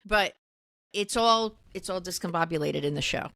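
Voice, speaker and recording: A woman's voice: lowish voice, normal speed, vocal fry, a bit bright, dry recording. A woman co-hosting a podcast in casual chat, emotional and gushing as she talks. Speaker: podcast co-host.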